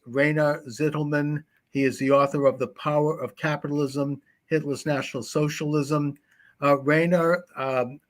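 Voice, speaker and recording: Affable male talk show host, higher voice. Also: a bit bright. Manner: affable, chatty plugs and sign-offs. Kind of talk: live talk show hosting.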